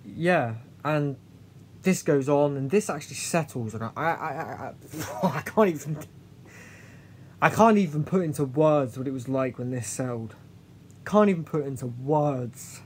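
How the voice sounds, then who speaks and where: Man telling his story haltingly. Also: a little high, a little mellow, slight background noise. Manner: halting, with many restarts and trailing pauses; earnest and confessional. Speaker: vlogger. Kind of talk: candid personal storytelling.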